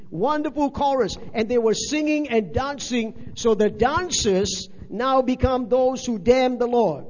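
Male pastor, high voice, emphatic repetitive preaching, reverberant dull hall recording. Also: darkish tone. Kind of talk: sermon.

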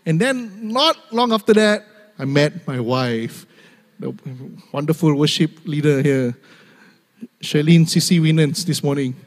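A man's voice: a little high, expressive, a little slow, long reverb tail. A young man preaching a humorous sermon, laughing often and mimicking voices in asides. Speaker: pastor.

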